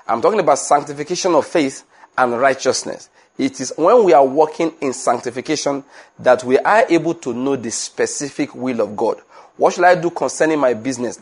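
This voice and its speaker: A man preaching a sermon, emphatic and insistent, often repeating his key points and rising in pitch as he presses them. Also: slightly rough.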